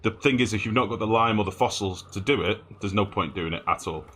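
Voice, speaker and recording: A man's voice: on the low side, fast talker, bright, forceful tone, slight background noise. A man chatting casually and swearing freely while he streams a game and answers chat. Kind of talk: casual gameplay commentary.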